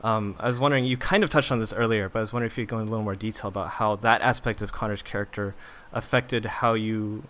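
A man's voice: on the low side, steady tone, quick pace, a bit bright, a little hiss or hum. A man hosting a podcast interview, asking long, hedging questions full of "kind of.". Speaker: podcast host.

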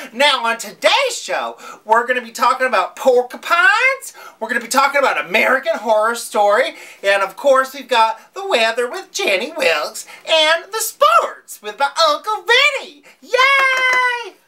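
Женщина изображает хихикающую южанку-ведущую. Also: female voice, on the high side, very animated, moderate pace, bright, forceful tone, slight background noise. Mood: giggly. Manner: giggly, brash, swooping. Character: brash Southern small-town woman reporter, crude. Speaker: comic news host. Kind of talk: comedy sketch news recap.

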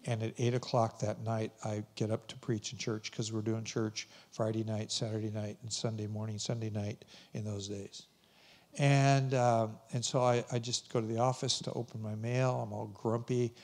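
A man's voice: fairly low pitch, moderate pace. Older man telling a church story. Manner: conversational, lively anecdotal storytelling. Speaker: pastor speaking at a conference. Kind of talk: storytelling conference talk.

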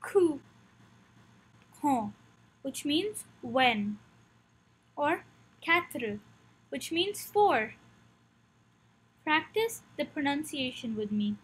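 A woman teaching pronunciation as a language teacher, speaking carefully and repeating each word slowly so the listener can follow. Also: sits high, big pitch swings, fairly bright tone, a little hiss or hum, poor audio. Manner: drawn-out, careful enunciation with repeated words. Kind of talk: slow, clear pronunciation lesson.

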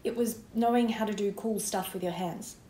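A woman's voice: mid-range voice, steady tone, normal speed, mellow, roomy sound, a little hiss or hum, close to an everyday voice. A woman reading a sensible older sister who speaks in a matter-of-fact, slightly dismissive way.

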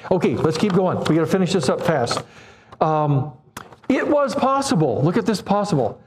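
A man in his seventies preaching a sermon, animated, acting out quoted voices and putting questions to the congregation. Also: on the high side, a little fast, slight background noise. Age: 70s.

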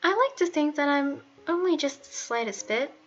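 A woman's voice: high voice, animated, unhurried, bright, forceful tone, exaggerated voice. A woman voicing a witty, sarcastic teenage girl who teases in a dry manner, for a storybook reading. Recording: muffled, faint music behind.

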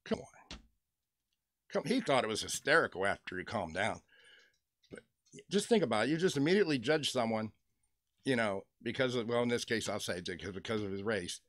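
With a lowish, fairly bright voice and lively intonation, a middle-aged western Pennsylvania man talks fairly quickly but pauses often. He's a toy customizer vlogger at home with his dog nearby, joking, chatty, and chuckling between rambling stories, recorded at studio quality with no echo.

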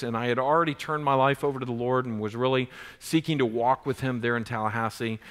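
A man in his forties delivers a sermon with earnest conviction, rising louder as he presses his points. His voice sits a little high for a man. A long echo trails each phrase through the church sanctuary. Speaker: pastor.

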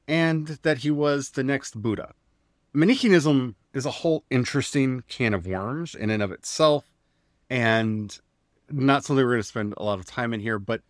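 A man's voice: medium pitch, no room sound, clean studio sound. A man co-hosting a casual discussion podcast, retelling old stories in a wry, glib, storytelling way. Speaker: podcast co-host.

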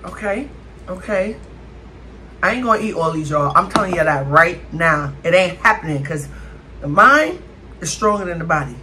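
A woman's voice: fairly low pitch, animated, moderate pace, background noise. A woman vlogger, chatting dramatically to her viewers during a mukbang. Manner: chatty, dramatic, keeps addressing viewers as y'all. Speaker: food vlogger. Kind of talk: casual mukbang chat to viewers.

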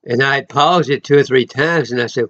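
A preacher records himself delivering an informal, rambling sermon packed with emotional asides and sudden loud exclamations. His voice is medium-pitched and a little fast, and the audio has its highs cut off.

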